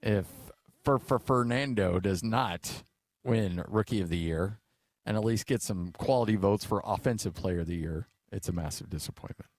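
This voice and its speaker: A man's voice: on the low side, normal speed, dry recording. Chatty middle-aged male radio host. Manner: chatty storyteller, many "uh" fillers. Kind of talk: casual sports talk radio chat. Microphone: studio microphone.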